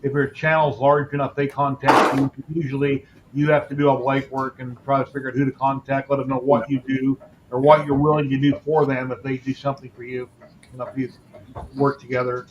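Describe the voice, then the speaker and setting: A man's voice: mid-range voice, level tone, fairly quick, highs cut off, noisy background. A man hosting a casual podcast chat, explaining technical gear in a matter-of-fact way. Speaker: podcast host.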